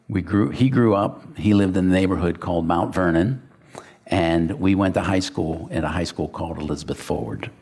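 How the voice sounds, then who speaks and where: A man's voice: sits low, normal speed, gravelly. A middle-aged male pastor from western Pennsylvania, preaching a verse-by-verse sermon and acting out the people in his stories. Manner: animated storyteller, acts out quotes. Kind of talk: sermon with personal story.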